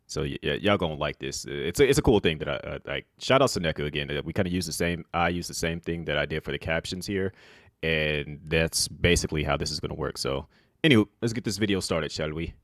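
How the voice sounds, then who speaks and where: Man vlogging, extremely low voice, monotone, laid-back, dry close sound. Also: fast talker, no room sound. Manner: self-described monotone, relaxed and rambling with fillers. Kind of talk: casual talk to camera.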